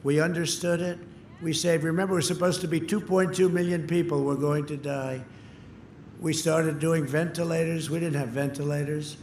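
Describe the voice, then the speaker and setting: A man giving a campaign rally speech in short, punchy, repeated phrases, sometimes breaking into shouts, recorded outdoors through an echoing PA. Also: a little high, steady tone, moderate pace, a little hiss or hum. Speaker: political speaker at a rally. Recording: echoey outdoor PA sound with crowd. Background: cheering crowd.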